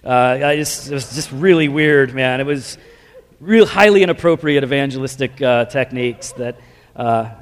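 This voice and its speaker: A man's voice: medium pitch, moderate pace. A man preaching his personal testimony in a casual, self-deprecating storytelling way, full of slang fillers. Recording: long reverb of a large hall.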